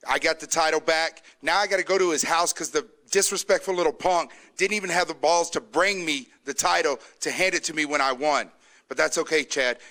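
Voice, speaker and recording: Brash, rapid-fire male wrestler. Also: a little high, bright, forceful tone. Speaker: pro wrestler. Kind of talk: wrestling promo.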